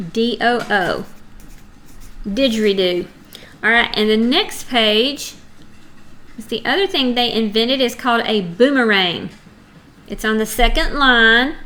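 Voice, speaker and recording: A woman's voice: a little high, bright, forceful tone. A middle-aged woman with a Texan accent teaching a chatty geography lesson to young students in a screen recording.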